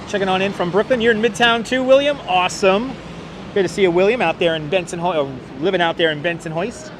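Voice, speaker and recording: A man with a New York accent hosting a live walking-tour stream outdoors in the city, chatting casually and greeting viewers by name. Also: sits high. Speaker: livestream walking-tour host. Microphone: wireless clip-on mic. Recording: faint street traffic noise. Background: faint city traffic.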